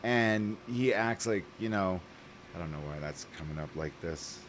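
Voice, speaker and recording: A man's voice: low-pitched, expressive, normal speed, slight background noise. A man telling a rambling, heated story to camera, swearing freely and full of fillers. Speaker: vlogger. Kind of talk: casual rant to camera.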